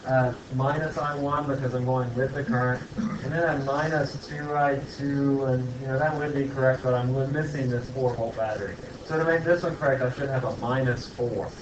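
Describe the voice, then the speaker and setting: A man's voice: mid-range voice, steady tone, normal speed, noisy background. Casual male physics lecturer, dull recording. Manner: casual and joking, thinks aloud with fillers. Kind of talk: classroom lecture. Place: lecture classroom.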